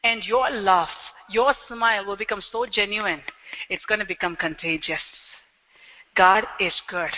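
A man preaching a sermon as pastor, animated and acting out everyday scenes with quick little quoted voices. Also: sits high. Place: church hall. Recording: dull lo-fi sound with long hall reverb.

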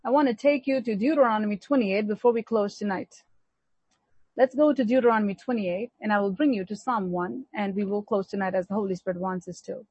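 A woman's voice: fairly high pitch, darkish tone, husky, dry recording, dull audio. A woman preaching a sermon, emphatic, repeating key words as she leads a Bible reading.

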